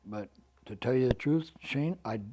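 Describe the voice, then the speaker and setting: A man, a grandson, recalling family memories in a halting casual conversation and searching for words. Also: mid-range voice, very noisy. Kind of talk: casual chat.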